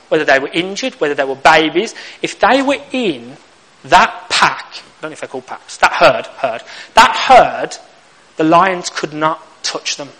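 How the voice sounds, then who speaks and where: A man's voice: on the high side, bright, forceful tone, rough recording. A young man preaching a sermon, telling stories with humor and acting out little exchanges. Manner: humorous storytelling, acts out lines.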